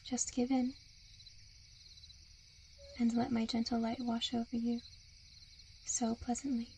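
A woman in a whispered role-play, with a soft, soothing and coaxing hypnotic murmur. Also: a little high, level tone, slow, a little hiss or hum. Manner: seductive, coaxing.

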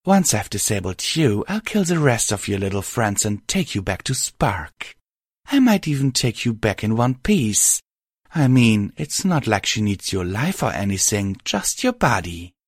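A man's voice: lowish voice, big pitch swings, a little slow, no echo, clean studio sound. A man voicing a cruel female alicorn villain who mocks and gloats in a taunting manner.

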